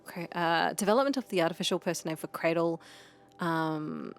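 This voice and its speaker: Low-voiced woman co-host. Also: normal speed. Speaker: let's play co-host. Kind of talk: casual gameplay chat and plain reading of in-game notes.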